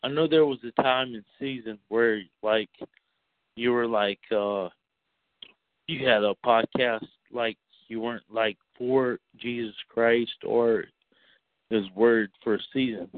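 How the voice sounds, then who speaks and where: A male caller with the hiccups asks questions politely and keeps apologizing. He speaks at a middle pitch, and his voice comes through a thin, phone-like line. The sound is dry. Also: steady tone, slow, no echo. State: has the hiccups.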